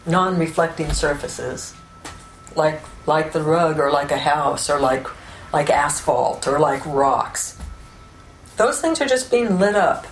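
A woman giving an unscripted spiritual teaching, explaining ideas calmly and often checking in with "right?" and "you know". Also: sits low, slow pace. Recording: roomy echo with faint background noise.

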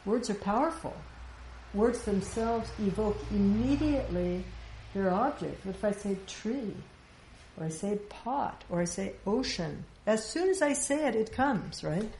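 A woman's voice: medium pitch, mellow, slight background noise. A woman giving an informal spiritual teaching, talking conversationally with rhetorical questions and light laughs. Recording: echoey room with faint ambience.

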